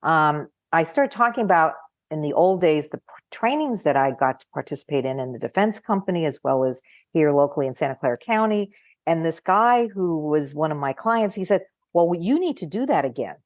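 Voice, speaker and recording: An older woman psychologist chatting over a video call, telling animated stories, acting out quoted voices and laughing often. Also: deep voice, brisk, dry recording, studio quality. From California. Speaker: guest psychologist. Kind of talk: casual conversation.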